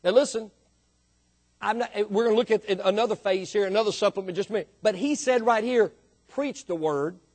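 Male pastor, high voice, emphatic sermon delivery, quiet to loud swings. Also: fairly even intonation, fast.

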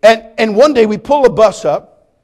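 A man preaching a sermon, telling jokey stories with lively swings between loud punchlines and quiet, earnest appeals. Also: high voice, normal speed. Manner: animated, joking storytelling with sudden drops to quiet appeals.

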